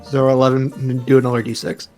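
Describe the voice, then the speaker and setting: A man at a tabletop game who talks quickly in a flat, even tone. He states his moves plainly while faint music runs in the background. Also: mid-range voice. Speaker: player.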